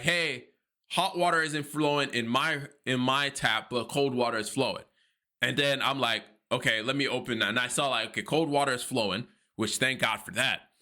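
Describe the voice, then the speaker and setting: A man with a bright, forward voice tells a personal story on his finance vlog. He is earnest and devout, and he acts out his own worried reactions and prayers as he speaks. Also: medium pitch.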